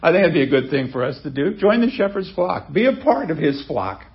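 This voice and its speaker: A male pastor delivers a sermon in a church, talking to his congregation in a relaxed, conversational way. His voice sits a little high for a man. He leans on rhetorical questions and repeats his key phrases. The recording sounds muffled and lo-fi. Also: fast talker. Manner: conversational preaching with rhetorical questions and emphatic repetition. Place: church sanctuary.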